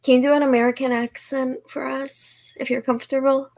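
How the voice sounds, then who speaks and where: A woman, a panel guest, chatting playfully with quick laughing reactions. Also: sits high, little pitch movement, darkish tone. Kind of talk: casual chat.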